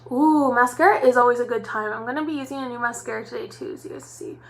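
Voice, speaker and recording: A woman's voice: on the high side, quick pace, vocal fry. A chatty young woman doing a live makeup tutorial as a makeup artist, talking directly to her viewers in a bubbly way.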